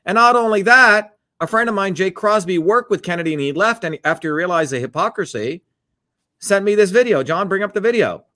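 A man's voice: high voice, expressive, sharp tone. Combative man. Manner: combative, scornful, rapid asides to a producer. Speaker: political host. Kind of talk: heated political monologue.

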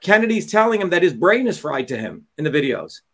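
A man with a high voice hosts a heated livestream. He talks in a combative, profane way and drops into mocking impressions of others. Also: big pitch swings, brisk, a bit bright. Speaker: host.

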